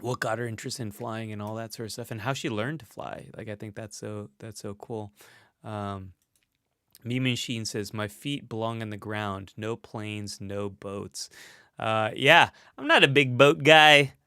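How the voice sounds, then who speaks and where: A man's voice: on the low side, a little slow, sharp tone, clean tone, dry recording, studio quality. A man hosting a casual live stream, reading out viewer comments in a chatty, self-deprecating way with frequent laughs.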